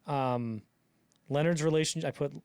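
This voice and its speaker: A man's voice: a little high, normal speed, clean tone. Young man chatting animatedly on a podcast. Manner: animated, acts out quotes in bursts, many fillers. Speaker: podcast co-host. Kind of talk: casual podcast chat.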